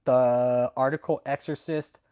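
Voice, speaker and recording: A man's voice: medium pitch, steady tone, unhurried, mellow, clear, resonant tone. A young adult man hosting a channel, telling a story to his viewers in a brash, profane, casual rant. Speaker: channel host.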